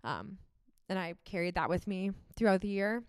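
A woman's voice: mid-range voice, expressive, normal speed, gravelly, darkish tone, clear, resonant tone, no room sound, clean studio sound. A young woman talking on a faith podcast, heartfelt and emotional, with lots of "um" and "like". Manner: heartfelt, emotional, many fillers like "um" and "like". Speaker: podcast co-host.

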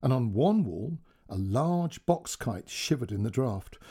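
Mellow, husky male storyteller. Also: mid-range voice, unhurried, hardly any pauses. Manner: gentle, expressive. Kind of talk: scripted storybook narration.

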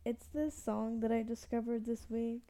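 A woman's voice: on the high side, fairly even intonation, moderate pace, mellow. A young adult woman co-hosting a podcast, chatting casually with short reactions and giggles. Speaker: podcast co-host. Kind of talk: casual chat.

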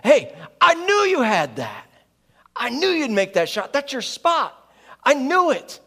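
A man's voice: very high-pitched, huge pitch swings, measured pace, voice pushed up, heavily acted. A man acting out a hyped-up basketball teammate. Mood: excited, insistent. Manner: loud, insistent, repeating himself. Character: hyped-up tall male basketball teammate, relentless cheerleader.

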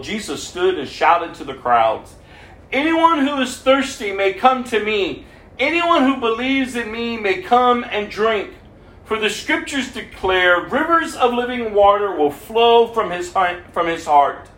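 A man with a high-sitting, slightly bright voice preaches in an echoey room. He reads scripture aloud, adds his own commentary, and raises his voice for the quoted speech.

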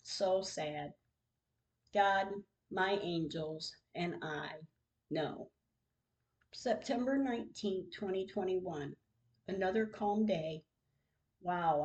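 A woman's voice: lowish voice, poor audio. A woman hosting a podcast, reading her own diary entries aloud in a grieving, emotional way. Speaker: podcast host.

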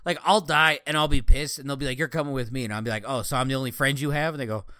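A man's voice: medium pitch, fairly even intonation, very fast, sharp tone, no room sound, studio quality. A young man co-hosting a podcast, telling gaming stories in casual chat and acting out other players' lines with a laugh. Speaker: podcast co-host.

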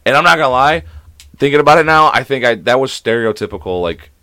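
A man's voice: medium pitch, animated, quick pace, bright, forceful tone, no room sound. Laughing, swearing podcast guy. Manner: laughing, swearing, acting out mock quotes. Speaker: podcast co-host. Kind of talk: casual crude banter.

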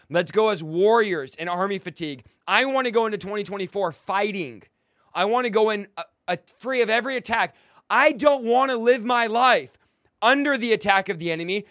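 A young man preaches with fire, confrontational and mocking, barking commands at his listeners. His voice sits high for a man. The sound is close and dry, with no room around it. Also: a bit bright, dry recording. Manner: exhorting, commanding. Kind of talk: fiery sermon.

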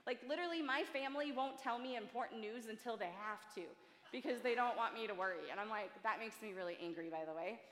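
Chatty bright-voiced woman preaching in a hall. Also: fairly high pitch, fast talker. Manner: chatty, self-deprecating, earnest. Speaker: church speaker. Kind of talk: sermon. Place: large church hall. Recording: echoey church hall, long reverb.

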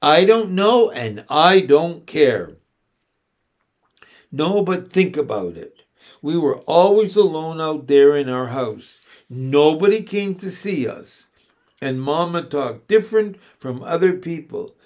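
A man's voice: fairly high pitch, animated, slow, darkish tone. A man doing an earnest, thoughtful young boy.

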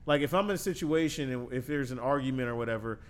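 A podcast host with a mid-range voice speaks fast and thoughtfully in a reflective conversation, affirming his guest and using plenty of casual fillers. His tone comes through clean.

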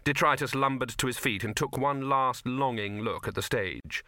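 A man's voice: mid-range voice, normal speed, sharp tone, no echo. A man narrating a comic fantasy audiobook in a dry storytelling manner. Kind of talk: scripted narration.

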